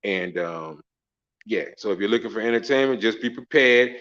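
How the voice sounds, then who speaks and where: A man's voice: on the high side, fast talker. Profane man talking to camera, lo-fi. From Southern United States. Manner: profane, slangy, laughing storyteller. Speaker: travel vlogger. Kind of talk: casual monologue to camera.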